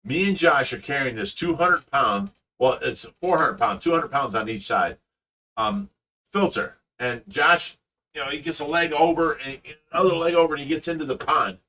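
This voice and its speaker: A middle-aged man hosting a casual live chat, telling stories with lots of laughter and excitement. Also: fairly high pitch, moderate pace, far from the mic. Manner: animated storyteller, laughs often. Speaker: fish rescue owner and host.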